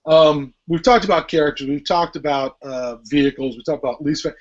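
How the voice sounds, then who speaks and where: A man's voice: a little high, a little fast. A man hosting a casual podcast chat, telling stories animatedly and swearing freely. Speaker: podcast host. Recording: lo-fi podcast audio.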